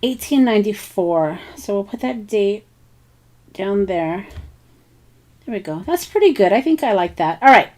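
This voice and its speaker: A woman's voice: mid-range voice, animated, moderate pace, long pauses, darkish tone. A woman hosting a crafting tutorial, thinking aloud in a casual, hesitant way with many ums and bits of self-talk. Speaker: craft channel host.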